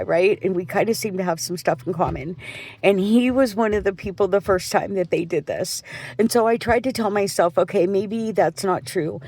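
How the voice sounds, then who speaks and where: A woman's voice: medium pitch, darkish tone. A middle-aged woman who works as a janitor, venting in a rambling, profane monologue.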